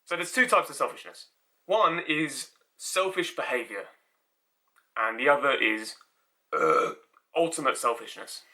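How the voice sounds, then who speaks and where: A man's voice: mid-range voice, lively intonation, a little slow, pauses often, pushed and bright. A man delivering a rambling, sardonic comic monologue, often repeating himself and slipping into mocking voices. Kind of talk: stand-up style monologue.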